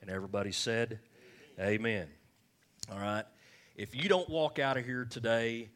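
A man's voice: mid-range voice, normal speed, fairly bright tone. A male pastor preaching a sermon in church, repeating phrases and checking in with the congregation with "all right?".

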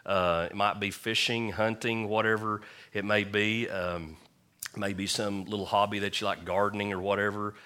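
Folksy preacher man, bright voice. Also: lowish voice, little pitch movement, normal speed, smooth. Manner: folksy storytelling with humor. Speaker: pastor. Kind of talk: sermon.

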